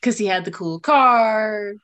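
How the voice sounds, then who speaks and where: A woman author in a casual podcast chat, quick to laugh and exclaim. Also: mid-range voice, a bit bright. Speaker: author and co-host.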